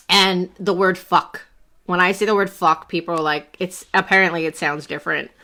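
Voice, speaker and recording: A woman's voice: lowish voice, fairly even intonation, normal speed, bright, forceful tone. A woman in her thirties with a Brooklyn accent, chatting on a live stream at home, rambling, laughing often and swearing casually. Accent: Brooklyn New York. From Brooklyn, New York.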